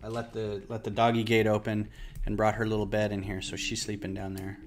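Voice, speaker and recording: Chatty low-voiced man streaming. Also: monotone, brisk. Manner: chatty, rambling, self-deprecating. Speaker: livestreamer. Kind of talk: casual chat while building. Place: home office.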